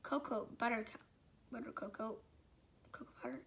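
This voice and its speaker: A woman with a high voice tells a story to her vlog audience. Her telling is rambling and casual, full of "like" and "um" as she loses and finds her thread. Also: big pitch swings, moderate pace, creaky, fairly bright tone. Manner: rambling, filler-heavy storytelling with frequent "like". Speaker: vlogger.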